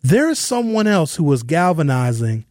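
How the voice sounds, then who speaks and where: A man hosting a talk radio show, delivering an opinionated, conversational monologue that slows down and speeds up for emphasis. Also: on the high side, very animated, a little mellow, no room sound, clean studio sound.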